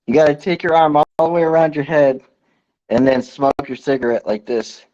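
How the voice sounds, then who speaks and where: A man's voice: on the high side, a little fast, mellow, muffled recording. A man in his forties chatting on a casual podcast, telling stories in a laid-back way and swearing casually. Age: 40s.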